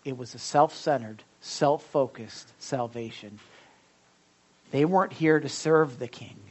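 Pastor, casual sermon voice, mid pitch, repeats words and quizzes the congregation. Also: a little mellow, breathy edge. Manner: chatty, stumbles and repeats words, asks the congregation questions. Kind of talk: conversational sermon. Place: church service.

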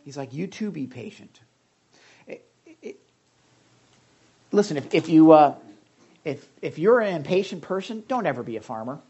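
A male pastor preaching a sermon in a lively, conversational way, often restarting and repeating words and breaking into emphatic outbursts. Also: a little high, moderate pace, long pauses, husky, dull audio.

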